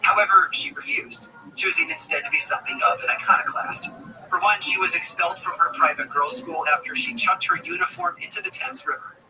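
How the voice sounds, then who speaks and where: Lively man narrating a curious tale. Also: sits high, brisk, background noise. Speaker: podcast narrator. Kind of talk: scripted storytelling narration. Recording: distant broadcast sound with music underneath. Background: music.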